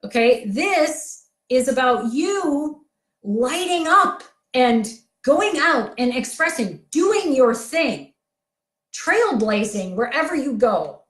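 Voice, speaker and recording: A woman coach giving a blunt, energetic motivational talk to camera. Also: sits high, slow pace, reverberant. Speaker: coach for sensitive people.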